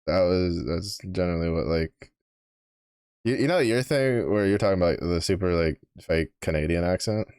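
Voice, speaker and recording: A man's voice: low voice, normal speed, darkish tone, smooth, dry recording, clean studio sound. A man with a Texan accent streaming a game, talking in a rambling, casual way and swearing often. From Texas. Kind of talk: casual chat.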